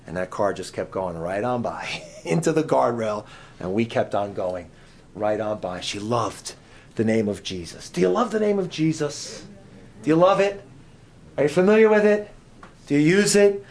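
A man preaching a sermon at a camp meeting, dramatic and full of questions to his listeners, swinging from loud cries to hushed whispers. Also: mid-range voice, expressive, normal speed. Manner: asks the audience many questions.

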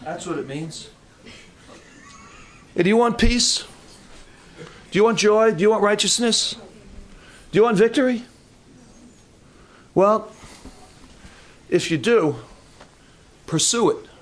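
A man's voice: high voice, slow, long pauses. A man preaching a sermon in church, emphatic and questioning his congregation.

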